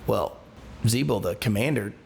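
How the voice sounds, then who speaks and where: A man's voice: lowish voice, normal speed, vocal fry, darkish tone. A man who is a pastor leads a Bible study. He reads scripture aloud and then retells it in a loose, everyday way, with restarts and asides.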